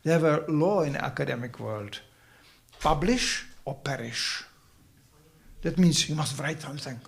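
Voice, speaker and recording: A man's voice: fairly high pitch, measured pace, gravelly. A man giving a festival sermon, telling stories animatedly with acted voices and teasing, humorous asides. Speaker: spiritual teacher.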